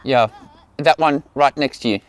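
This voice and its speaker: A middle-aged man with a medium-pitched voice speaks at a normal speed. He is a portrait photographer working outdoors in a field, directing a model through a shoot and praising every pose with the same encouraging words over and over.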